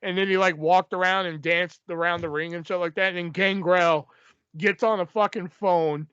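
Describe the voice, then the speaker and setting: A man's voice: high-pitched, fairly even intonation, moderate pace, fairly bright tone, smooth, no room sound. A young adult man hosting a wrestling podcast in casual chat. He swears freely and laughs often. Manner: laid-back, swears freely, laughs a lot. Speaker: podcast host. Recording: dull lo-fi sound.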